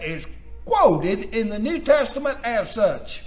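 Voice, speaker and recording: High-voiced, slow-spoken male preacher. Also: big pitch swings. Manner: swings from low quiet asides to loud rising exhortation; reads scripture aloud in King James wording. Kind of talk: sermon.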